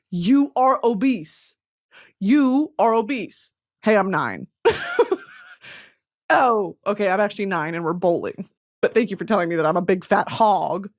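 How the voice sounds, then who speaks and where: A woman hosting a casual chat show, talking in an animated, profane way and laughing often. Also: mid-range voice. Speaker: podcast host.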